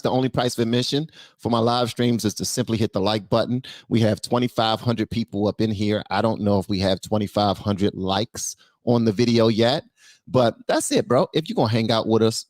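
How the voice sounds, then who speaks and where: A man reacting live on stream to a political interview, slangy, with loud outbursts and rhetorical questions. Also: on the low side, no echo.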